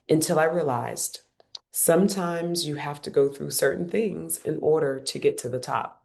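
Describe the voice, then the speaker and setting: A woman in her forties, a guest on an interview podcast, telling her story in a lively, emphatic way and repeating phrases for effect. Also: deep voice, moderate pace, vocal fry. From Cincinnati, United States. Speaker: guest, former Olympic runner.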